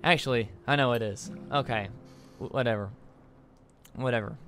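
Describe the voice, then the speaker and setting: A man's voice: mid-range voice, moderate pace, fairly bright tone, faint music behind. A young man hosting a let's play, rambling eagerly with many stammered restarts. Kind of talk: casual gameplay commentary.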